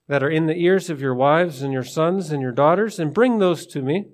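A man's voice: a little high, moderate pace. A man preaching to his congregation, retelling a scripture story and asking listeners questions. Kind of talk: sermon.

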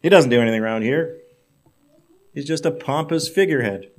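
A man's voice: mid-range voice, brisk, lightly acted. A man muttering as a resentful sales director. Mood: grumbling. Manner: muttering, grumbling. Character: resentful male sales director, long-serving employee.

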